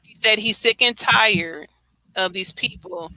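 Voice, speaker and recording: Bright-voiced New York woman, laughing. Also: medium pitch, measured pace, no echo, rough recording. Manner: animated, laughs often, rambling asides. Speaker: co-host. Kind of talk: casual late-night chat.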